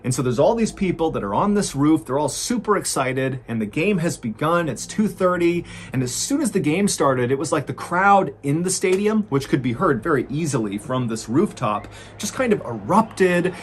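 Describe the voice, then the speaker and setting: A man's voice: normal speed, slight background noise. A man narrating a true story in a dramatic, suspense-building way, lifting his voice at the tense moments. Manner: suspenseful, builds tension, rises in pitch at exciting moments.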